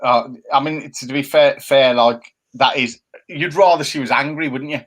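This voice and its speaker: A man's voice: medium pitch, fairly even intonation, normal speed. A man co-hosting a casual chat show, bantering and teasing his co-host while reading viewer comments. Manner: jokey banter, playful mocking impressions.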